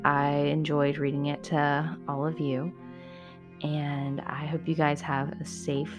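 A woman reading a horror story aloud in a steady, measured way, then chatting to her listeners. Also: low voice, music in the background.

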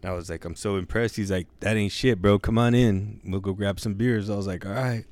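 A young man with a lowish voice spins a long crude joke in loose, profane slang. He stretches out key words as he builds the story. The sound is dry and close, with no room around it. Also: steady tone, darkish tone, no echo. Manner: profane, drawn-out slangy delivery. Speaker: joke teller.

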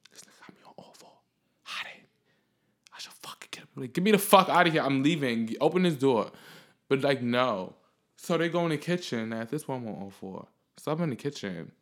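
A young man hosting a podcast, telling a rambling, profane story in a casual, animated way. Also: medium pitch. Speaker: podcast host.

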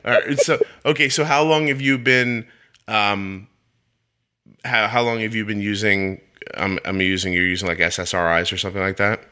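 A man's voice: lowish voice, fairly even intonation, moderate pace, bright, forceful tone. A middle-aged man hosting a podcast interview, emotional and self-deprecating, joking with his guest. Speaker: podcast host. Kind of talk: casual interview chat.

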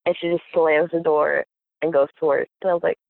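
Gravelly young woman on a tinny line. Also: deep voice, brisk, no room sound. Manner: animated, acts out quoted voices, laughs often. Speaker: guest. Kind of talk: casual storytelling chat. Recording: tinny phone-like audio.

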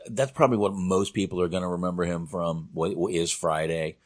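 Low-voiced podcast host guy, laid back, lots of ums. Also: fairly even intonation, fairly quick. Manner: laid-back, agreeable, hesitant fillers. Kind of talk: casual chat.

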